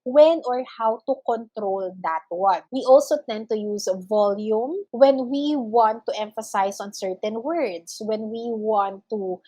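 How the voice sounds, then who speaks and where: A young woman teacher talks through a recorded lesson in a measured, explanatory way, stacking ideas in parallel phrases. Her voice sits a little high. The sound is dry and close to the mic. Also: warm tone, no echo, poor audio. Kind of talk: recorded online lecture.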